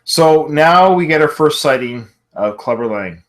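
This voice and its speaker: A man in his thirties co-hosting a podcast, chatting casually about a film, laughing often and quoting lines with excitement. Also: a little high, measured pace. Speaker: podcast co-host.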